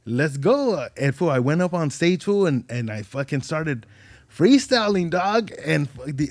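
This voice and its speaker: A man's voice: a little high, lively intonation, moderate pace, darkish tone, no echo. A man as a podcast guest telling stories in casual chat, swearing a lot, rambling, and acting out the voices of people he quotes.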